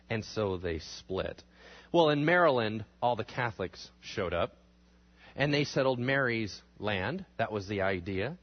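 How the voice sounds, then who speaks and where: A man teaching a history class in a lively lecture style, asking the class questions and acting out quotes in exaggerated voices. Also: medium pitch, dull audio.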